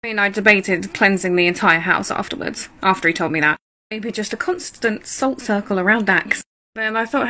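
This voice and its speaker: A woman's voice: medium pitch, moderate pace, bright, forceful tone, slight background noise, poor audio. A mother telling a creepy story about her son in a wry, chatty, disbelieving way. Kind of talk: casual storytelling to camera.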